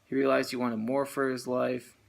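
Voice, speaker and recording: Man, gravelly voice, casual book recap, rambling, lots of fillers, earnest motivational tone. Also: mid-range voice, flat delivery, normal speed. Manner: rambling, heavy on "you know" and "uh". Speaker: network marketing business owner.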